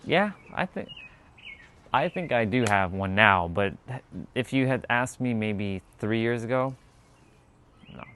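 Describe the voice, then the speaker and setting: A man's voice: fairly low pitch, lively intonation, unhurried, pauses often, a bit bright, a little hiss or hum. A man chatting casually and reading out viewer comments, rambling with many fillers and laughing easily.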